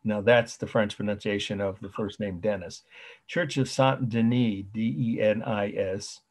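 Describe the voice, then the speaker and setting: A man lecturing on art history over a video call, slowly spelling out terms and repeating key points. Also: fairly low pitch, steady tone. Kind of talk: online lecture.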